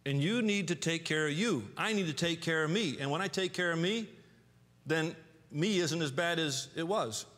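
A man preaching a sermon in a church, animated, acting out angry outbursts and often restarting his words. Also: fairly high pitch, moderate pace. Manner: animated, acts out angry quotes with sudden loud outbursts; frequent restarts and repeated words. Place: church sanctuary. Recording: long church reverb.

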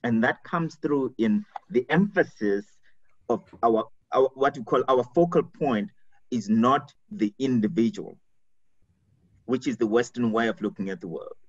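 A man's voice: mid-range voice, unhurried, dry recording. A man from Africa, an executive coach speaking earnestly on a webinar panel, repeating words as he builds his points. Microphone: video call. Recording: dull video call audio.

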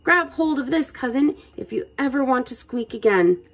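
A woman voicing a brash male mouse who loves pranks, loud and boastful as he shouts through a megaphone. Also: medium pitch, lively intonation, normal speed, breathy edge. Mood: urgent.

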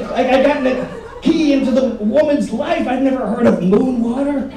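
A man's voice: very high-pitched, moderate pace, a crowd in the background. A man from Michigan performing a stand-up comedy set, telling stories and acting out the people in them. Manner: animated storytelling, acts out voices. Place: resort comedy stage. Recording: roomy live stage audio, heard from a distance. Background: audience laughter.

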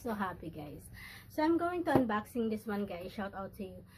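A woman with a Filipino accent, chatting excitedly and slipping in Tagalog words while unboxing a package for her vlog in a room indoors. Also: mid-range voice, moderate pace, background noise. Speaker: vlogger.

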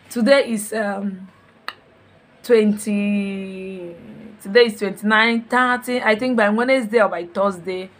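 A woman telling a story in a casual vlog, animated and full of exclamations, repeating her words. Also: mid-range voice, a little hiss or hum. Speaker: vlogger. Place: home in Europe.

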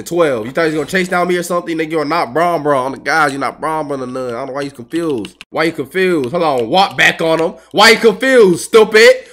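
Lively bright-voiced young gaming commentator. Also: male voice, fairly high pitch. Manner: profane trash talk, talking to opponents; animated, quick bursts of excitement. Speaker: gaming streamer. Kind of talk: casual gameplay commentary.

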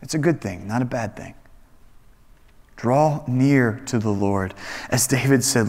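Man, casual sermon, conversational and animated, mid pitch, long hall reverb. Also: a little slow, pauses often. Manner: conversational, animated, acts out quoted voices. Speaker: young adults Bible study teacher. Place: church hall.

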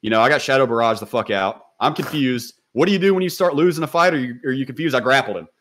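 A man telling a story as a podcast guest in a casual, animated way, swearing freely and talking in slang. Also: medium pitch, fast.

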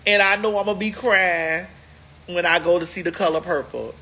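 Bright sassy woman chatting on a live. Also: fairly low pitch, fairly even intonation, slight background noise. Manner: sassy, chatty, drawn-out emphatic talk. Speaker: livestream host. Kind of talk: casual livestream chat.

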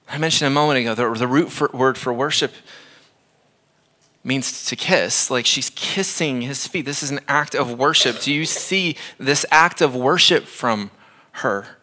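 A man's voice: fairly high pitch, moderate pace, bright, forceful tone. A man in his thirties preaching a sermon in a church, conversational and emphatic, repeating phrases for effect. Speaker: pastor.

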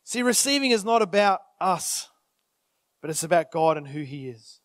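A male preacher with a high voice, delivering a sermon with lively energy. He often breaks off to act out a worried inner voice, and he fills his talk with "you know" and "like". The sound is dry and close, with no room around it. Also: dry recording. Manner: animated, acts out inner thoughts in quick asides; many filler phrases and restarts. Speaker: pastor.

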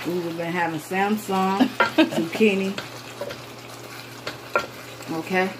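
A woman's voice: mid-range voice, steady tone, takes it slowly, heavy background noise. A middle-aged woman talks casually to viewers while cooking in her home kitchen. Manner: chatty, playful, frequently addresses viewers as y'all. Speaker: cooking vlogger. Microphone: phone. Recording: clear sizzling and stirring in the background.

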